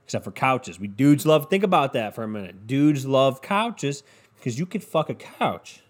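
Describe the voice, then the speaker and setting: A man's voice: mid-range voice, sing-song, normal speed. Solo podcast host, young adult man, casual crude storyteller, profane and rambling.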